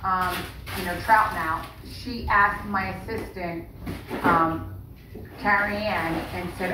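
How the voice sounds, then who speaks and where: A woman co-hosting a podcast rants bluntly and swears in casual chat. Her mid-range voice is slow with fairly even intonation, recorded on a distant mic in a roomy space with faint noise.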